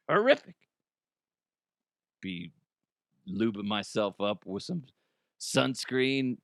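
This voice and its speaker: A man's voice: medium pitch, a bit bright, dry recording, studio quality. An American man in his thirties hosting a comedy news show, chatting casually, swearing and laughing at his own jokes. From United States.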